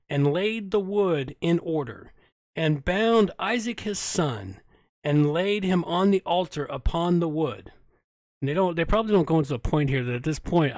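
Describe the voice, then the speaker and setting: A man hosting a Bible reading with casual commentary. He reads at a measured pace, stops to correct himself, and adds wry, sarcastic asides. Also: a little high, no echo. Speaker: host reading scripture.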